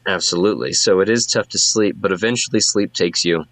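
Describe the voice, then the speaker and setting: A man narrating as game master in a halting way, with many fillers. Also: low voice, fairly bright tone, no echo.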